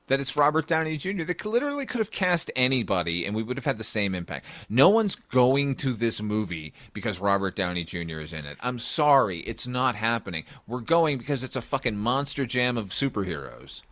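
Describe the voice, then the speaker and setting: A man's voice: mid-range voice, sing-song, a little fast, hardly any pauses, fairly bright tone, no echo. A man hosting a casual chat, blunt and opinionated, who swears freely. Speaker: podcast host.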